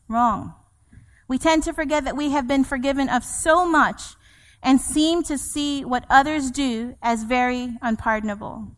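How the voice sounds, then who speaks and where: A woman's voice: high-pitched, steady tone, normal speed. A woman in her thirties, a pastor preaching a sermon in a church, repeating her points with emphasis and acting out scripture quotes. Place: church sanctuary. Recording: long church hall reverb.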